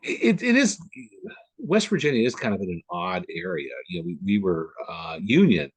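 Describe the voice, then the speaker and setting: Rambling low-voiced man on a video call. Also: sing-song, moderate pace, breathy edge, no echo. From Upper Midwest US. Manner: rambling, many fillers and restarts. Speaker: guest. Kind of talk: casual conversation on a video call.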